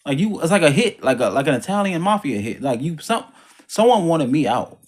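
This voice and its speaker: A man's voice: a little high, very animated, a little fast. Man giving a rambling, emphatic testimony. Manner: rambling, repetitive, emphatic retelling; religious language. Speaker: vlogger sharing a personal testimony. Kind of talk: casual spoken testimony.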